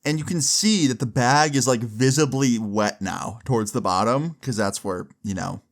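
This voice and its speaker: A young man at a mid pitch tells a casual story, swearing freely and leaning on filler words. He sounds loose and conversational, like a storyteller talking to his followers. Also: moderate pace. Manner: crude, casual, many "like" fillers.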